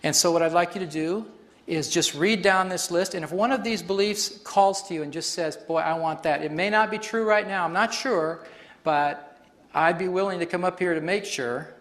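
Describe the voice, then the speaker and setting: A man's voice: high-pitched, moderate pace, a bit bright. A man facilitating a live workshop demonstration on stage before an audience, explaining in a chatty way and laughing often.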